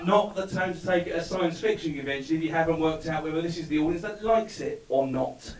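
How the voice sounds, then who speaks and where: A man's voice: high voice, a bit bright. A man doing a sardonic stand-up routine on a club stage, rambling through his story. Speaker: stand-up comedian. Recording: echoey room, far mic, background noise.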